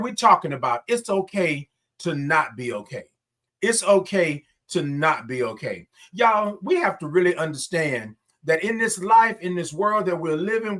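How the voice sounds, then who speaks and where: A man's voice: high voice, expressive, normal speed, a bit bright. A man hosting a casual morning livestream, greeting viewers by name and stretching out his sung greetings. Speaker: livestream host.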